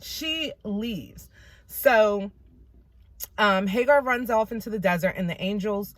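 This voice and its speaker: A woman hosting a casual Bible study vlog, retelling scripture in an animated way with slangy asides. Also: medium pitch, slow, dry recording.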